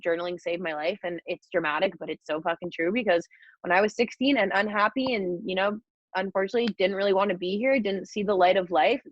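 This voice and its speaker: A woman's voice: medium pitch, no room sound. Young woman chatting on a video call, candid, swears a lot, kinda lo-fi dry sound. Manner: chatty and candid, swears freely, acts out inner voices. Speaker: guest mentor. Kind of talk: casual motivational talk on a group call.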